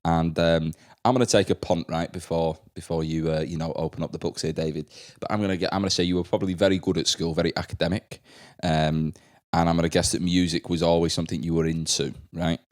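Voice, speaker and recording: A man's voice: low voice, flat delivery, fast, dry recording, studio quality. A man hosting a casual podcast, a teacher who laughs often and prompts his guest with friendly questions.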